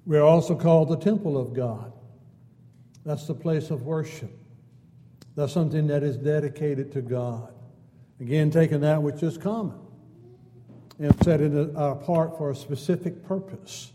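A man preaching in a church sanctuary, his voice very dark and mellow and sitting a little high. He builds his points in repeated, stacked phrases and drops in homey asides. The hall carries a long, ringing reverb. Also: moderate pace, pauses often. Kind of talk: sermon.

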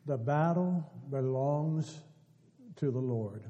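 A man's voice: mid-range voice, slow, warm tone, lo-fi sound. A man preaching a sermon to his congregation, building to emphatic, repeated appeals. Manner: rising to emphatic exhortation, repeating phrases. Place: church sanctuary. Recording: church hall reverb.

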